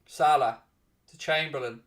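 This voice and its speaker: A man hosting a live football watchalong, chatting casually to viewers and breaking into loud excited shouting. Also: a little high, a little slow, far from the mic. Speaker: watchalong host and commentator. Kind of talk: casual live match commentary.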